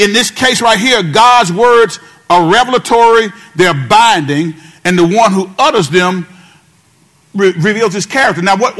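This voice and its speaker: High-pitched male pastor, call-and-response sermon, sing-song repeats. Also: fairly bright tone.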